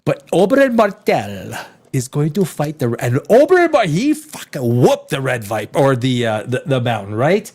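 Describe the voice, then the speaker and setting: Animated, swearing male stream host. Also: normal speed. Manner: animated, profane, swings between loud peaks and low mutters. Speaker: live show host. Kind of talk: casual ranting commentary.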